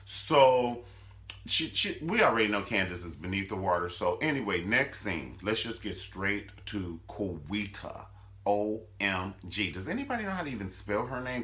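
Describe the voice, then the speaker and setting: A man giving a sassy, animated comedic recap of a TV drama, swooping between squeals and low mutters. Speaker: vlogger reviewing a TV drama.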